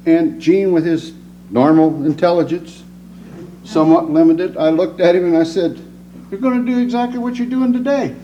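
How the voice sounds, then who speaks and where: A man's voice: high-pitched, moderate pace. A man preaching a folksy, plainspoken sermon with jokes in a church. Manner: joking, animated, plainspoken. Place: church sanctuary. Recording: dull lo-fi sound with loud noise.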